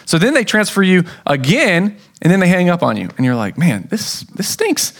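A man's voice: sits high, sing-song, a little fast, creaky. A man preaching a sermon as pastor, telling a story in a casual way with acted-out quotes.

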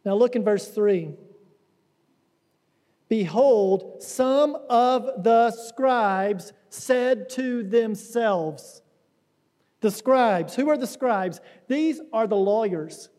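High-voiced man preaching in a reverberant hall. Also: drawn-out words, darkish tone. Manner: conversational preaching with acted-out quotes. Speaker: pastor. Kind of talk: sermon. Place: church sanctuary.

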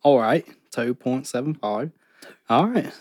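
A man's voice: medium pitch, expressive, a little slow, a little mellow, no room sound, studio quality. A man co-hosting a podcast, rating a beer in jokey casual banter with frequent laughs and restarts. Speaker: podcast co-host rating beers.

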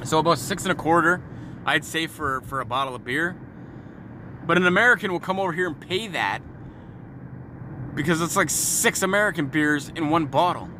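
A man's voice: fairly high pitch, expressive, moderate pace, pauses often. Brief: Canadian guy in his thirties, foul-mouthed, joking vlog rant recorded while driving, car noise behind. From Sault Ste. Marie, Ontario, Canada. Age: 30s. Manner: crude, mocking, joking with profanity. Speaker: vlogger. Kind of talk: profane ranting monologue. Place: in a moving car.

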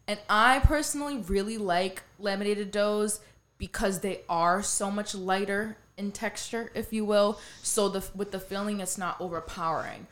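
A woman co-hosting a casual podcast. She talks in a relaxed, chatty way with a mid-range voice and drops the odd swear word. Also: mid-range voice. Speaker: podcast co-host. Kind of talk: casual chat.

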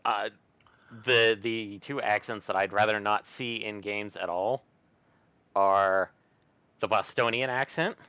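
A man with a faint Southern drawl speaks slowly and hesitantly in a casual panel chat. His voice comes through a dull, lo-fi mic in a dry, close recording. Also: lowish voice, steady tone, sharp tone, clear, resonant tone, no echo. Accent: slight Southern drawl. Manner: unhurried, hesitant, with fillers. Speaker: podcast co-host.

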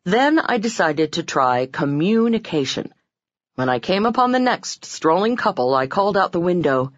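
A woman reading self-help narration from a script, expressive and acting out quoted lines with sudden pitch jumps. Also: normal speed, no echo, lo-fi sound. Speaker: audiobook narrator.

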